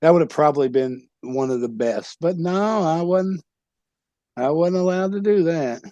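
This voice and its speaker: A man's voice: on the high side, normal speed, dark tone, no room sound, muffled recording. A man, a former pro wrestler, telling rowdy, profane stories in a casual interview and laughing at his own pranks.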